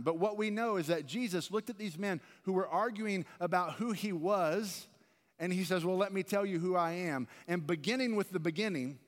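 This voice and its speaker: A man preaching a sermon as pastor, earnest and conversational, often restarting his phrases. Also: high voice. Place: large church sanctuary. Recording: long reverb of a church hall.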